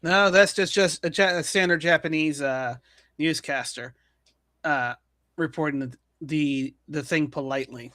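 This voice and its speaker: Bright-voiced man riffing on the news. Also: on the high side, no room sound, clean studio sound. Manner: halting, frequent restarts and chuckles. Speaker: news commentary host. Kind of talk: casual comedic news commentary.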